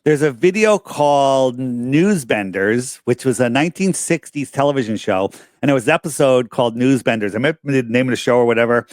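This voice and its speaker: Animated man telling stories on a podcast. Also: medium pitch, a little fast, hardly any pauses, no echo. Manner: animated storyteller, acts out quoted dialogue. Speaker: podcast guest. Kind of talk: casual podcast conversation.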